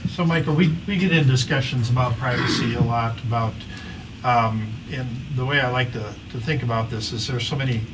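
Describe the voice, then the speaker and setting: Moderator, male, halting, repeats himself, heard from far off the mic in a noisy room. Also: mid-range voice. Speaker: panel moderator. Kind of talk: posing a question to a panelist. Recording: distant mic, noisy hall.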